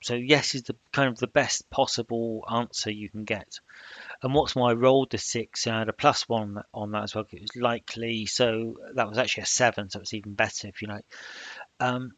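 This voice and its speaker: A man narrating his solo tabletop game, in a halting manner with many fillers. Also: medium pitch, fairly even intonation, fairly bright tone, dry recording. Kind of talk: solo role-play narration.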